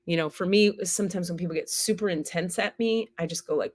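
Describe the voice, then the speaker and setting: A woman's voice: on the low side, fast talker. A woman teaching on a live stream in a candid, casual way, swearing freely and acting out the inner voices she describes. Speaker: spiritual teacher and healer.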